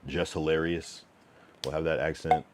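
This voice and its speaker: A New England man chats with his livestream audience in a deep, low voice whose pitch barely moves. He reads messages aloud and gives blunt, slang-heavy, loose feedback, rambling casually with many fillers and asides.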